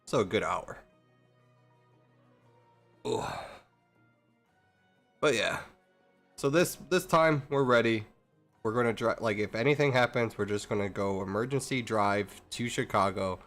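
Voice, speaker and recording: Guy streamer kinda low voice, swears a ton, restarts sentences, faint game music behind. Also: unhurried, pauses often, a bit bright. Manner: profane, rambling, many restarts. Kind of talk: casual rambling chat while gaming.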